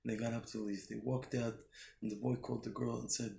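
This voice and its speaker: Brief: male rabbi, gravelly voice, earnest storyteller, roomy recording with faint hum behind. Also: medium pitch, flat delivery, quick pace, dark tone. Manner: earnest, restarts often. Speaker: rabbi giving a weekly Torah thought. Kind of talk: short spoken Torah talk with storytelling. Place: Jerusalem.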